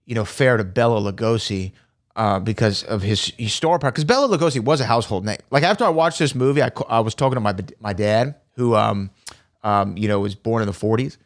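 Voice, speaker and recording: A man's voice: lowish voice, fairly quick. A man co-hosting a movie podcast, telling stories in a rambling casual way with many restarts. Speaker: podcast co-host. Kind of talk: casual chat.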